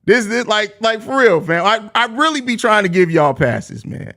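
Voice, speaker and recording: A young man with a high-pitched voice hosts a live postgame stream in loose, casual chat. He laughs easily but turns profane and repetitive when he roasts someone. His delivery is blunt and heated. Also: expressive, moderate pace, few pauses, a bit bright. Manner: profane, heated trash talk at a chatter; repeats himself, laughs often. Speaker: host of a live postgame show.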